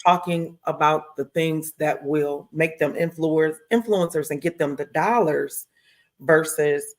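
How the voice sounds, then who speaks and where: A woman's voice: low voice, measured pace. A woman hosting a talk show, chatting casually and reading out viewer comments. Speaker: host.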